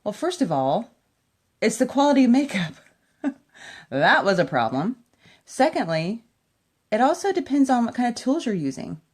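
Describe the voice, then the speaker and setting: A woman's voice: fairly high pitch, big pitch swings, normal speed, pauses often. A woman giving a chatty, enthusiastic makeup tutorial at home, talking straight to her viewers. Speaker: makeup vlogger. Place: at home by a window.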